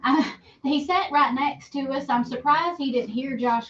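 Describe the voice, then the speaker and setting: A woman's voice: high-pitched, measured pace, a bit bright, far from the mic, lo-fi sound. A woman co-hosting a morning radio show, bantering playfully and teasing her co-host. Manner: teasing, playful back-and-forth.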